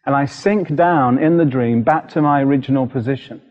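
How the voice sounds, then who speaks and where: A middle-aged British man preaching a sermon, telling a personal story in an animated, vivid way. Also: mid-range voice, normal speed. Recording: dull lo-fi recording with long hall reverb.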